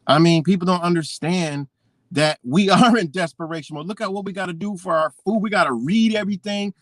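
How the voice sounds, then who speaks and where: A man's voice: high-pitched, fairly quick, no echo. A man ranting on a live stream, rambling and swearing freely as he talks. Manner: profane, rambling, heated. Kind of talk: casual live-stream rant.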